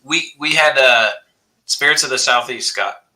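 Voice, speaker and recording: Blunt, bright-voiced man telling stories. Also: mid-range voice, normal speed, rough recording. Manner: blunt storyteller, swears freely. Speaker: paranormal investigator. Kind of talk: casual panel chat on a video call.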